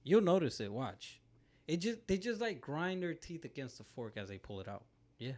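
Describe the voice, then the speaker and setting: A man's voice: fairly high pitch, sing-song, normal speed, darkish tone. Laid-back, rambling young man. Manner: laid-back, profane, rambling with many fillers. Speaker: co-host. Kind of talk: casual chat.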